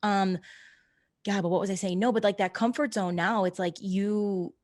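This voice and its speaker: A woman's voice: medium pitch, steady tone, moderate pace, no room sound, studio quality. A woman in casual podcast conversation, frank and loose, with occasional swearing.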